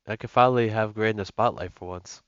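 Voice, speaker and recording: A man's voice: on the low side, fast, fairly bright tone, no room sound. A young man giving casual gameplay commentary as a gaming YouTuber, rambling with lots of fillers and restarts. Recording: lo-fi with music and mains hum.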